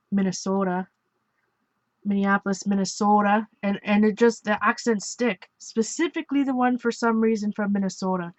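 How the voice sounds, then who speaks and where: While working on an art journal page, a woman from Ontario, Canada chats casually and rambles, laughing often and correcting herself. Her voice is mid-range, with no room sound, but the recording is muffled.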